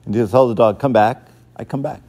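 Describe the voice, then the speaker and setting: A man's voice: mid-range voice, brisk, dark tone, close to an everyday voice. A man speaking as a humble old male saint, in a plain, matter-of-fact retelling.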